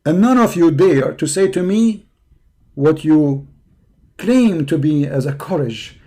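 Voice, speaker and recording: A hoarse man hosting a live stream, delivering a combative, mocking rant that taunts his opponents. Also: fairly high pitch, expressive, slow, warm tone. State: hoarse from hours of talking.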